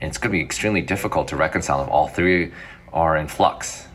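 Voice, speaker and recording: A man being interviewed as a physician guest, talking casually in quick, rambling answers that restart and self-correct. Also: extremely low pitch, fairly bright tone, a little hiss or hum.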